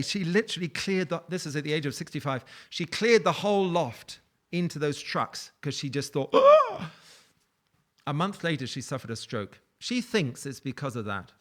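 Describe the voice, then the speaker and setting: A man's voice: fairly high pitch, fairly bright tone. A man preaching a sermon in a conversational, storytelling way, with light laughs. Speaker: pastor.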